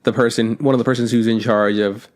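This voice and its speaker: A man's voice: medium pitch, steady tone, quick pace. Man, podcast co-host, casual chat, swears a lot, rambling recaps. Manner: profane, rambling storyteller.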